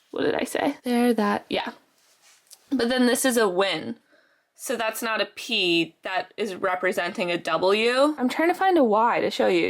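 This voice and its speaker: A young woman student chatting casually to camera in a vlog, rambling with lots of fillers. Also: mid-range voice. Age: young adult. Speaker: student vlogger.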